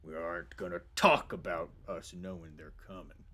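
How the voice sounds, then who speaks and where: A man voicing a big, booming male bear who leads a gang and speaks slowly and threateningly. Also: steady tone, pushed and bright. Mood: gruff. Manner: slow, threatening.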